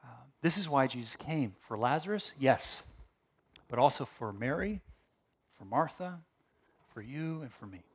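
A male pastor preaching a sermon in a conversational, animated way, with asides and restarts. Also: mid-range voice, measured pace, long pauses, breathy edge.

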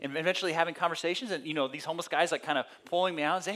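A male pastor giving a conversational sermon, telling personal stories and acting out voices with lively energy. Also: a little high, racing. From California. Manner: conversational storytelling with animated quoted voices.

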